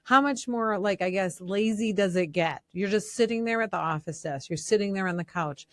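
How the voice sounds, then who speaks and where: A woman with a Massachusetts accent co-hosting a casual podcast, wry and teasing with quick jokes. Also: mid-range voice, a bit bright, dry recording. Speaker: podcast co-host. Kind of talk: casual chat.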